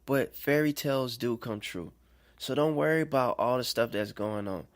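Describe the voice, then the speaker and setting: A man giving an informal sermon to listeners, conversational and checking in with them, swinging between rising emphatic stretches and soft, quiet ones. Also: medium pitch, normal speed. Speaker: self-made preacher. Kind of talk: informal preaching monologue.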